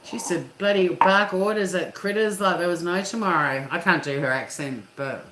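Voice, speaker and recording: A woman's voice: fairly low pitch, normal speed, fairly bright tone. A woman hosting a casual live chat with viewers, talking candidly and swearing freely. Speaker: livestream host. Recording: echoey room with faint hum.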